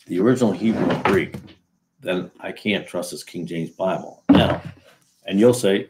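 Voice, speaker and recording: A man from New England talks through his own video in a loose, sarcastic ramble, full of ums and false starts. His voice sits a little low, and the talk stays casual and unscripted. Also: normal speed, a little mellow, slight background noise. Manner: sarcastic, rambling with fillers and restarts. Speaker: video host. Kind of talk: casual solo commentary.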